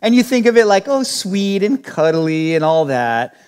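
Guy preaching a bible study, real high voice, super expressive, long echoey hall reverb. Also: moderate pace, clean tone. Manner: conversational, acts out quotes with shifting voices. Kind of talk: expository Bible teaching sermon.

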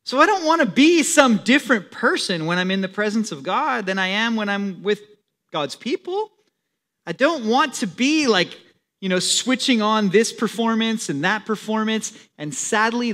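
A man's voice: high voice, fairly bright tone. A young man, a pastor, preaching a sermon in a plain, conversational way.

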